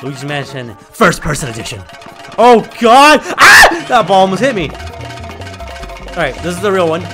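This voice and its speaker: A young man giving excitable, trash-talking commentary while playing a video game. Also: high-pitched, moderate pace, over music. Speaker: gaming video creator. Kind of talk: gameplay commentary.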